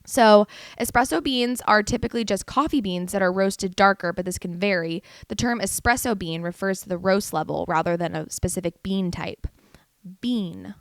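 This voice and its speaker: A chatty young American woman hosting her own podcast, her voice at a middle pitch. She reads facts aloud and trips over words with little giggles. The sound is dry and close. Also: no echo. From United States. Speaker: podcast host. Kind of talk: casual solo podcast chat.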